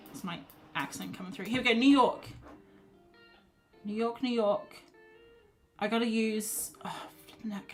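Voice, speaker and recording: A woman livestreaming her art, chatting casually and laughing at herself as she thinks out loud. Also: fairly high pitch, normal speed, faint music behind. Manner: chatty, self-deprecating, thinks aloud while reading chat. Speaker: art streamer.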